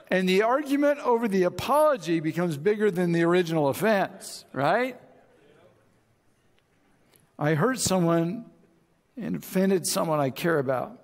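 A man's voice: sits high, lively intonation, a little slow, long pauses, long reverb tail. A man preaching a sermon as pastor, speaking conversationally and acting out both sides of arguments. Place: large church auditorium.

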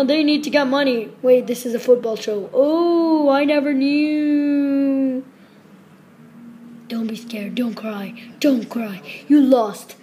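A high-pitched woman with a mellow, rounded tone, hamming through an improvised comic skit. She rambles in quick, silly bursts and breaks into squealed whoops of celebration. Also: slight background noise. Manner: hyper, silly, rapid rambling with squealed cheers. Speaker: comedy video maker.

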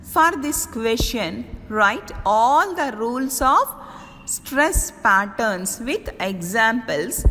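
A woman college teacher with an Indian English accent, slowly reading out word lists in a recorded lecture. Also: fairly high pitch, animated, sharp tone, in a large hall, a little hiss or hum, low-quality recording.

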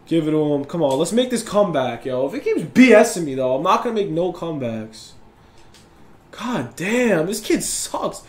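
A young man giving live commentary over a basketball video game, competitive and quick to yell and complain about his opponent. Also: on the high side, sing-song, roomy sound. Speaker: gaming YouTuber.

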